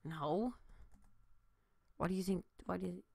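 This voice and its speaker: Slow, rambling tired young guy. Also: high-pitched, vocal fry, darkish tone, no room sound. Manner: rambling, hesitant, lots of fillers. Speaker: vlogger. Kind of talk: casual chat to camera. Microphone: new desk mic.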